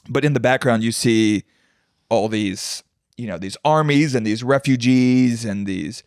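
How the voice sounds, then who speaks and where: A man's voice: mid-range voice, unhurried, a little mellow, clean tone, no room sound, clean studio sound. A man co-hosting a podcast in casual chat, joking and rambling, often laughing. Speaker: podcast co-host.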